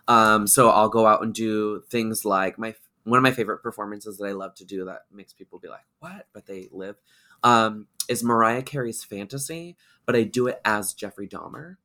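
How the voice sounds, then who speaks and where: A man's voice: lowish voice, moderate pace, bright, forceful tone. A man from Washington State, a drag performer chatting as a podcast guest, rambling and giggly. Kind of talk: casual chat.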